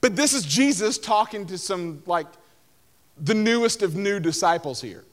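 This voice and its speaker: Man, young adult, casual sermon, chatty with lots of "like", high voice. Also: animated, normal speed. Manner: conversational, lots of "like", acts out voices of Bible figures. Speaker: pastor.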